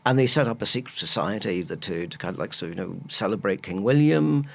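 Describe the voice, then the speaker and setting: Gravelly, lowish-voiced guest, enthusiastic and rambly. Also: male voice, animated, fairly quick. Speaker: guest, historian and archaeologist. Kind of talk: casual chat, explaining history.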